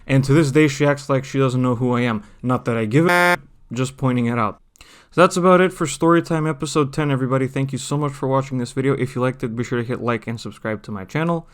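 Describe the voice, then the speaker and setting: A man's voice: medium pitch, fast talker, smooth. A young man telling a personal story in a chatty vlog voice, with many fillers and self-corrections. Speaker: storytime vlogger. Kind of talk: casual storytelling over gameplay.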